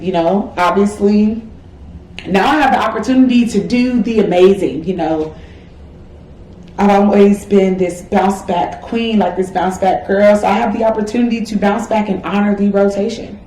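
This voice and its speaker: A woman's voice: medium pitch, a little mellow, a little hiss or hum. A woman in her twenties, a medical student, talking candidly and reflectively in a personal vlog, encouraging herself with casual fillers. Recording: echoey room with faint ambience.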